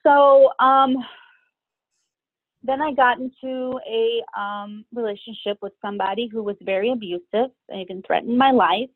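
A middle-aged woman telling her own story as an interview guest, hesitant and pausing often between her thoughts. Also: a little high, dry recording. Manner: hesitant, many pauses and fillers. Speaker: guest sharing personal story. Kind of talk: candid personal storytelling. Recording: tinny phone-like line, dry.

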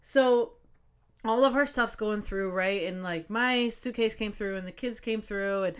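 A woman's voice: mid-range voice, measured pace, smooth. A woman in her thirties, a podcast co-host chatting casually, telling a long story with plenty of swearing and acting out what she said.

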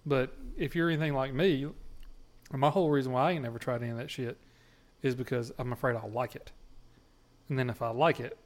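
A man's voice: medium pitch, fairly even intonation, brisk. A man co-hosting a podcast, telling stories in a casual, profane, laid-back way and laughing often. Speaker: podcast co-host. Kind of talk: casual chat.

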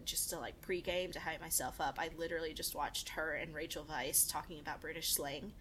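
A woman's voice: low voice, fairly even intonation, a little fast, a bit bright, a little hiss or hum. A woman co-hosting a podcast in casual chat, gushing with enthusiasm and laughing often. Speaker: podcast co-host.

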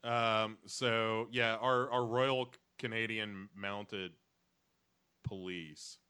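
Bright-voiced rambling male podcast host. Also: lowish voice, steady tone, drawn-out words, clean tone. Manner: rambling, jokey, slips into silly voices. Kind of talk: casual comedic recap chat.

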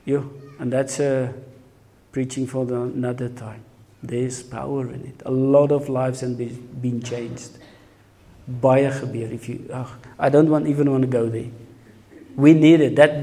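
A man preaching a sermon, emphatic and energetic, switching between two languages. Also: medium pitch.

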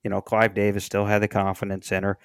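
A man's voice: fairly low pitch, completely flat delivery, fast talker, clean tone, no room sound. A man co-hosting a podcast, chatting casually about music history with wry, sardonic, profane asides. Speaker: podcast co-host.

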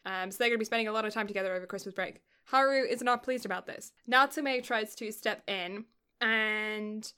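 Bright-voiced young woman, rambling storyteller. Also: on the high side, clear, resonant tone. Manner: rambling storyteller, often laughing mid-sentence. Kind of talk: casual chat.

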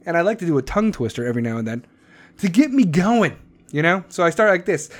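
A man's voice: a little high, sing-song, quick pace. A man from Chicago with a Chicago accent, hosting a podcast in a brash, profane, joking rant. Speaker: podcast host. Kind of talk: casual ranting monologue.

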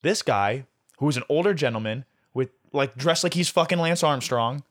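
A young man hosting a podcast, telling a story in a profane, animated way. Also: mid-range voice, normal speed. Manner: profane, animated storyteller who swears often. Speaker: podcast host. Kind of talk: casual storytelling chat.

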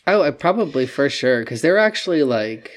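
Young woman co-host, casual chat, lively storyteller with a filthy mouth. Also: normal speed. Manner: animated storytelling, swears a lot, acts out quotes in a high voice.

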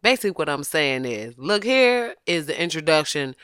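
A podcast host chats casually and comically, laughing often and slipping into voices whenever quoting people, all in an animated way. The voice is medium-pitched, fairly quick and smooth, with studio-quality sound and no echo.

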